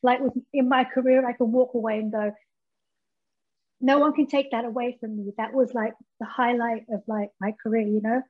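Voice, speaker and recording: A woman's voice: a little high, fairly even intonation, moderate pace, narrow, tinny audio. A woman guest on an interview, talking candidly and chattily with lots of fillers. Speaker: guest, former pro wrestler. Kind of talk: casual interview chat.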